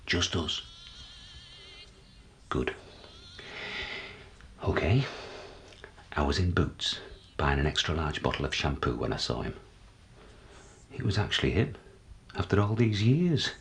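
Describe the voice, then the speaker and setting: An actor playing a deluded, paranoid older man, confiding and jumpy, swinging from hushed to shouting, in a dramatic stage monologue. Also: very deep voice, sing-song, slow pace, creaky, long pauses, full character voice. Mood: conspiratorial.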